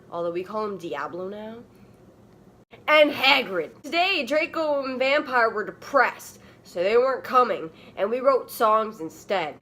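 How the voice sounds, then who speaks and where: A young woman reading a story aloud for comedy, mock-dramatic, with sudden overacted outbursts. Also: fairly high pitch. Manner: mock-dramatic, bursts into loud overacted outrage. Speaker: comedy reader.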